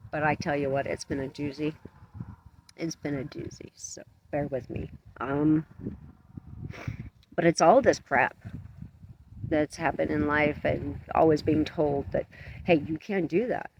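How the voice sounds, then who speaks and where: A man talking earnestly to his camera outdoors at dusk, his voice shaky from cold and emotion, halting and self-conscious. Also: fairly high pitch, little pitch movement, creaky, noisy background. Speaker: vlogger. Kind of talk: emotional outdoor vlog monologue. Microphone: camera mic up close.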